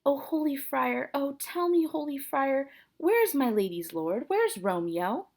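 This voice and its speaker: A woman voicing a fussy older woman servant in a high, fluttery, wailing voice while reading a play aloud. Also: very animated, unhurried, darkish tone, exaggerated voice.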